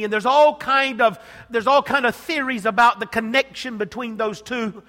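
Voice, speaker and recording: A man preaching a sermon with passion, dropping to a hush and then rising loud. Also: extremely high pitch, fairly even intonation, moderate pace, few pauses. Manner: impassioned, swinging from hushed to loud. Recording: long hall reverb.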